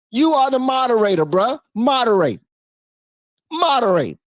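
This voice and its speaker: A woman's voice: high voice, very animated, a little slow, no echo. A woman reacting in casual chat, exasperated and rambling.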